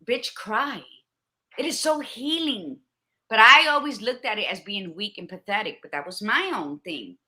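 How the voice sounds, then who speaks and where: A woman's voice: mid-range voice, animated, normal speed, sharp tone. A woman in her fifties co-hosting a podcast, talking in a blunt, profane and emphatic way in candid casual chat. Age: 50s. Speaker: podcast co-host.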